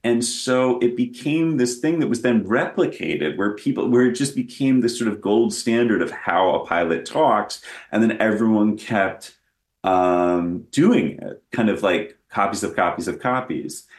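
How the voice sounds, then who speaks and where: A man's voice: on the low side, expressive, unhurried, roomy sound. A man talking as a guest in a casual interview, rambling and self-deprecating, with many restarts. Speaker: guest actor.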